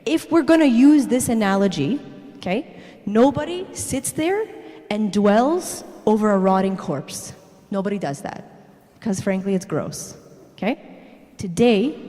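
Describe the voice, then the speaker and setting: A woman's voice: medium pitch, dark tone. A young woman giving a casual, dramatic church talk, tagging "okay?" onto her sentences. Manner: dramatic, keeps adding "okay?". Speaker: youth speaker. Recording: hall reverb.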